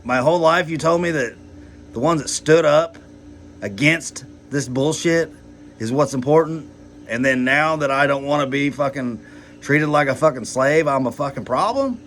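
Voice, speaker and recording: A man's voice: on the high side, normal speed, a bit bright, slight background noise. A man rambling heatedly in a personal vlog, swearing a lot and filling his talk with "like" and "you know". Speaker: vlogger.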